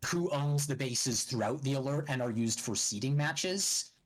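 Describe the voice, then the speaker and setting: A man, a team leader, explaining how a match was won in a measured, analytical way. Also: mid-range voice, low-quality recording. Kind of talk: casual esports chat.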